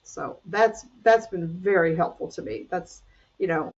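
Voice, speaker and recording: Husky older woman, earnest and confessional. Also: fairly low pitch, a little slow, muffled recording. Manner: earnest, confessional, with frequent restarts. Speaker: weight-loss coach. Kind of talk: faith-based conversational podcast chat.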